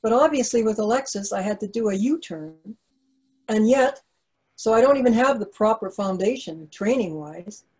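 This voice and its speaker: A woman's voice: mid-range voice, lively intonation, normal speed, darkish tone, breathy edge, poor audio. Earnest older woman author on video call. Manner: earnest and reflective, with frequent restarts. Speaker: author interviewed. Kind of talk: conversational interview over video call.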